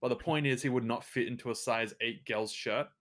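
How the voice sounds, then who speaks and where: An easygoing man telling stories in a casual podcast chat. His pitch is medium. He rambles a little and laughs at his own jokes. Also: fairly even intonation, brisk, a bit bright.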